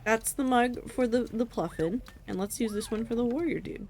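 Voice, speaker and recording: A woman's voice: fairly high pitch, moderate pace, darkish tone, faint music behind. Playful young woman streamer. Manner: playful, mock-exasperated. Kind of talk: casual game commentary.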